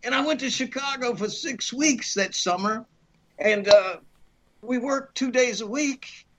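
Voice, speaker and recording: A middle-aged actor from Alabama telling rambling, animated stories in a podcast interview, acting out quotes with many fillers. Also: male voice, very high-pitched, a little slow. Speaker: actor guest.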